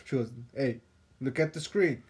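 A man's voice: mid-range voice, moderate pace, darkish tone. A young man telling casual, profane work stories on a podcast with a laid-back, laughing manner. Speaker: podcast co-host. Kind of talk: casual storytelling chat.

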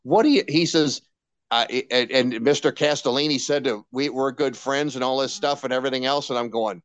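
This veteran radio personality, an older man, is heard on a muffled recording with no room sound. He speaks at normal speed with a medium-pitched voice. Candid interview anecdotes pour out of him animatedly, with frequent restarts and quotes he acts out.

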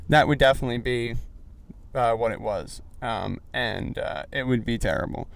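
A young man hosting a podcast, rambling casually and excitably from behind the wheel of a car. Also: medium pitch, moderate pace, vocal fry. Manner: rambling, heavy filler "like", excitable. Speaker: podcast host. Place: in a car, driving. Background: faint vehicle noise.

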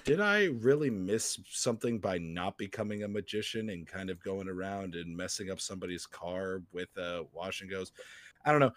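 A man's voice: low voice, expressive, moderate pace, a bit bright, no echo. A young adult man hosting a podcast in casual chat, rambling and joking with plenty of fillers. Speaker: podcast host.

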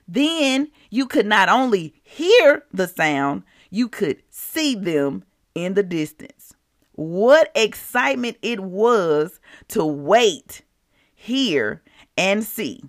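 Woman, devotional podcast host, animated preacher, unhurried delivery, dry close sound. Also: mid-range voice, dry recording. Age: adult, past college. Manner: animated, folksy, calls out to listeners.

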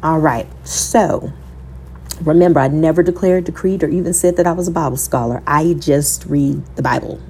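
Low, mellow woman podcaster preaching softly. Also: moderate pace, a little hiss or hum. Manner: emotional, preachy, addresses listeners as y'all; quotes scripture in a sermon cadence. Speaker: podcast host. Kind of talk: faith-filled personal storytelling.

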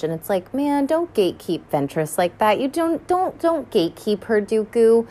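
A young woman chatting casually as she reacts to an animated film, rambling with lots of fillers and frequent swearing, sounding tired. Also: on the high side, measured pace, a little hiss or hum. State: tired and yawning. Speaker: first-time viewer reacting to an animated film.

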